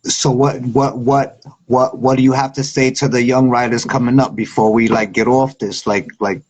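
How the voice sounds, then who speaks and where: A man's voice: mid-range voice, flat delivery, normal speed, breathy edge. A man asking interview questions hesitantly, with many fillers. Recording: dull lo-fi sound.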